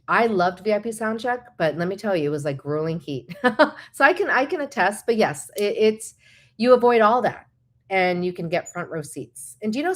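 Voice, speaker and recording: A woman vlogger giving casual, encouraging and practical advice, chatty with quick asides. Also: mid-range voice. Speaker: vlogger host.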